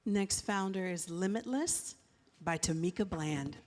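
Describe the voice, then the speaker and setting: Slow-speaking woman announcer in a reverberant hall. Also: on the low side, darkish tone. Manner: measured, reads names carefully. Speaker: announcer reading out graduates. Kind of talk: formal name announcements. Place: live graduation event hall.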